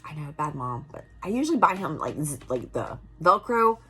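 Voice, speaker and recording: Chatty woman in her forties, lively pitch. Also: moderate pace. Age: 40s. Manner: chatty and candid, swinging between loud and soft asides. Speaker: vlogger. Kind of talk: casual vlog talk.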